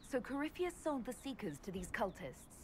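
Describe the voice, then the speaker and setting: A woman voicing a steady young female adventurer who asks calm questions. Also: a little high, a little fast, slight background noise, voice pushed up.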